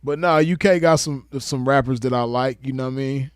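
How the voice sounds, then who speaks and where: A man's voice: mid-range voice, a little fast, clean tone, no echo. Laid-back West Coast man, dry sound. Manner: laid-back, chuckling, heavy slang. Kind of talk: casual commentary.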